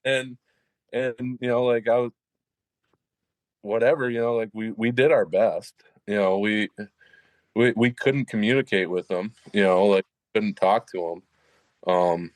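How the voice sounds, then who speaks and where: A man's voice: fairly low pitch, steady tone, measured pace, long pauses, no room sound. A man, a military veteran, talking on a podcast in a rambling way, full of fillers. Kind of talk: casual podcast conversation.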